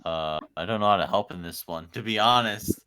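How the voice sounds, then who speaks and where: A man's voice: low voice, fairly quick, background noise. A man playing a tabletop game, chatting casually and joking. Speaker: player.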